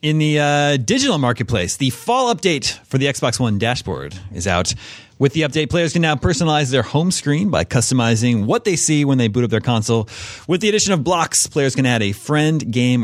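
Lively man reading gaming release news. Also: mid-range voice, brisk, no room sound. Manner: animated, reads listings then jokes. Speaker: podcast co-host reading the release report. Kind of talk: casual chat and read news segment.

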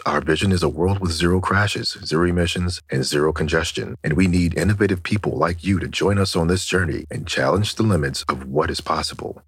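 A male ad announcer with a very low, husky voice, reading a polished, upbeat recruitment spot. He is recorded close and dry, with no room sound. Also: no echo. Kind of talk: recruitment ad read.

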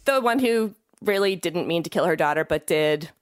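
A woman's voice: fairly low pitch, expressive, moderate pace, dry recording. A woman co-hosting a podcast in casual chat, giggly and playful, swearing freely. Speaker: podcast co-host.

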